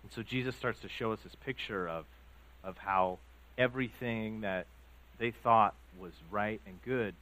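Man, pastor, sermon, conversational, low voice, filler words. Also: measured pace, bright, forceful tone, slight background noise, poor audio. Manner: conversational storytelling, many fillers.

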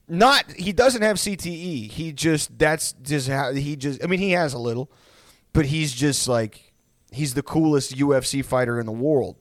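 A man's voice: on the high side, moderate pace, no echo. A man hosting a podcast in casual chat, rambling storytelling with lots of swearing and restarts. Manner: rambling, profane, many restarts. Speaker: podcast host.

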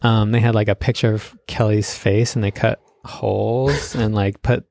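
A man's voice: on the low side, steady tone, moderate pace, creaky, darkish tone, no room sound. A man hosting a podcast in casual chat, telling stories with acted quotes and laughing often. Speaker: podcast host.

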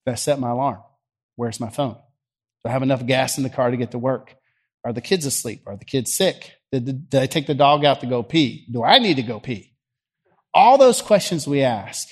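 A man with a Southern US accent, a pastor leading prayer and preaching in a folksy, teasing, conversational way, worn out by allergies. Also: medium pitch. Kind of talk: sermon and prayer. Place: church sanctuary.

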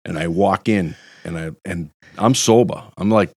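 A man telling a profane, animated story among friends, acting out the quotes. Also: deep voice, moderate pace, breathy edge, no echo, clean studio sound.

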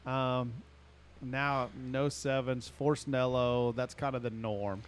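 A man's voice: medium pitch, flat delivery, slow, clear, resonant tone. Dry-joking man in casual chat. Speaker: podcast co-host.

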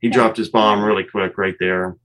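A man, a former fighter pilot, calmly explaining cockpit footage step by step and laughing at himself now and then. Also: fairly low pitch, normal speed, poor audio. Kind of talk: walking through cockpit footage.

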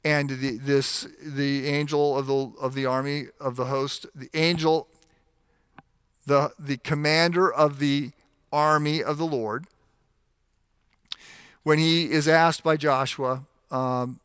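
Male pastor, slightly higher voice, mid-sermon, dry close sound. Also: takes it slowly, smooth, no echo. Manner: animated, acts out the scripture voices; frequent restarts and fillers while explaining.

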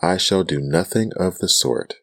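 A man's voice: sits low, a little slow, a bit bright. A man voicing a proud, easily offended male mouse in a whispered role-play, stiff and severe. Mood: indignant.

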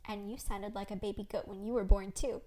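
Casting: woman reader as a quiet, tender older mother with a mellow tone. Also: medium pitch, steady tone, fairly quick, lightly acted.

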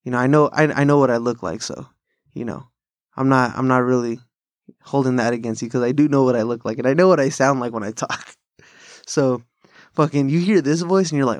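A man rambles through stories on his podcast, swearing freely. His voice sits at a middle pitch. The sound is dry and close, with no room around it. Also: fairly quick, dry recording. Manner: profane, rambling bro-style storytelling with frequent laughs. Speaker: podcast host. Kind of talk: casual chat.

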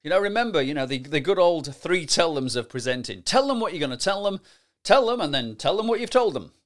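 A middle-aged man gives lively, emphatic podcast advice on presenting, often tagging his points with rhetorical questions. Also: fairly high pitch, a little fast. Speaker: presentation skills coach. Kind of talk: solo podcast advice talk.

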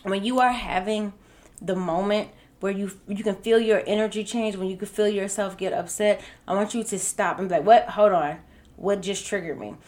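A woman's voice: medium pitch, steady tone, moderate pace, a little mellow. A woman co-hosting a podcast in casual chat, talking with emphasis and laughing often. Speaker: podcast co-host.

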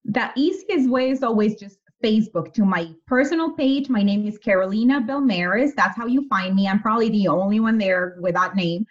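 A woman's voice: mid-range voice, normal speed, few pauses. A woman podcast guest speaks candidly and with emphasis, cursing freely and laughing often. Her voice sits in a middle register, and the recording sounds a little dull and lo-fi. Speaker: podcast guest, health and nutrition coach. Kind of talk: casual interview chat.

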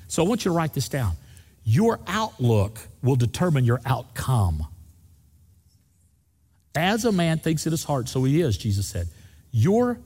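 A man preaching a sermon as pastor, asking the congregation questions and jumping high in pitch for emphasis. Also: a little mellow, slightly rough. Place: church sanctuary. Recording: long hall reverb of a church.

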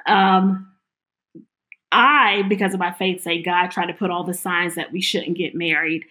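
A woman's voice: on the low side, a little slow. A middle-aged woman telling her personal story in an interview, acting out the lines of the people she quotes. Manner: animated, acts out quoted dialogue.

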